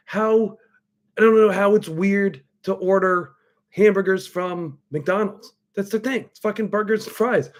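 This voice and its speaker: A middle-aged man chats casually on a live podcast, voice sitting a bit high for a man. He rambles and swears freely through his stories, drink in hand. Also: a little slow. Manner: profane, rambling storyteller; drinking a cocktail while talking. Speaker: podcast host. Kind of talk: casual live-stream chat.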